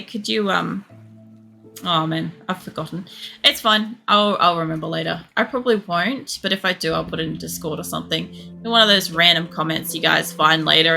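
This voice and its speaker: A woman's voice: on the low side, creaky, pushed and bright. A young woman streams a game, rambling through stories with a lot of swearing and laughter. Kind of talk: casual live-stream chat while playing.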